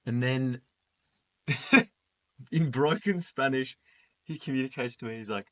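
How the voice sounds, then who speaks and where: Young bloke telling a travel story to mates, loose and animated, acts out bits of it. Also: male voice, medium pitch, slow. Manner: animated, laughing storyteller acting out voices. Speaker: guest. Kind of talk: casual storytelling chat. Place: indoors, holiday flat.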